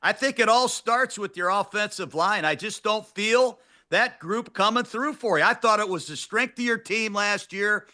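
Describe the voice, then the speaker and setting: A man's voice: high voice, sharp tone. An older man co-hosting a sports talk show, breaking down football with emphatic coach-like analysis.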